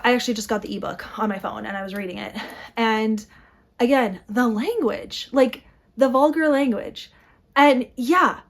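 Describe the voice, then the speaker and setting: A young adult woman talking casually to her viewers, animated, often breaking off mid-sentence to restart a thought, with quick asides and small laughs. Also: on the high side. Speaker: book vlogger. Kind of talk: casual chat to camera.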